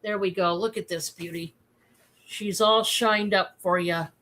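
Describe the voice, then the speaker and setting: A woman hosting a casual live-stream sale, chatty and excitable, with many fillers. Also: medium pitch, measured pace.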